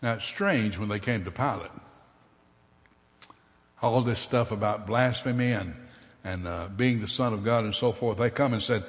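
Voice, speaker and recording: A man preaching a dramatic sermon, swinging from loud bursts to hushed asides. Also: lowish voice, normal speed, pauses often. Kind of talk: sermon storytelling. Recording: long reverb in a hall.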